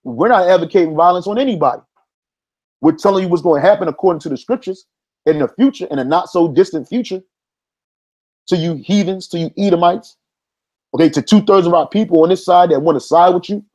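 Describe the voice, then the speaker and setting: A man's voice: high-pitched, a little fast, a little mellow. A man preaching informally, reading an article aloud and arguing back at it, with street-casual talk full of "man". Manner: stops to reread passages and argue back. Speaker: religious commentator.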